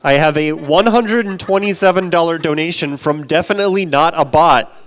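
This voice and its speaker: On an event stage at a live charity gaming marathon, a man reads donation messages in a slightly raised, somewhat high and bright voice, at a moderate pace with hardly any pauses. Upbeat throughout, he keeps urging viewers to donate toward the next goal.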